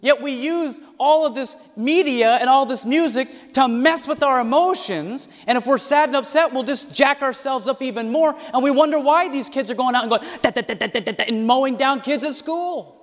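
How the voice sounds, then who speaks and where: Animated high-voiced male preacher in a reverberant hall. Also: normal speed, hardly any pauses. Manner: animated, acts out quoted voices. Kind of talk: sermon.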